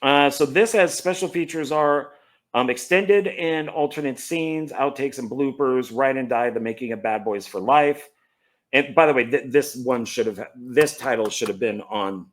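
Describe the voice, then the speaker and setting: Casually showing off his film collection, a movie collector rambles at normal speed in a medium-pitched voice. He corrects himself, fumbles some names, and sounds relaxed and enthusiastic about films.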